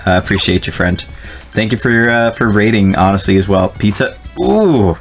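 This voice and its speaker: Laughing, swearing game streamer. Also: male voice, fairly low pitch, animated, moderate pace, creaky, soft background music. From New Jersey. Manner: laughs often, swears and reads game text aloud. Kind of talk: casual let's-play commentary.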